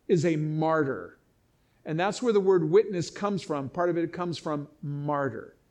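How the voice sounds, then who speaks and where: Impassioned middle-aged male pastor, high voice, emphatic sermon delivery. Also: darkish tone. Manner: emphatic, impassioned preaching with repeated restarts. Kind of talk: sermon, reading and explaining scripture.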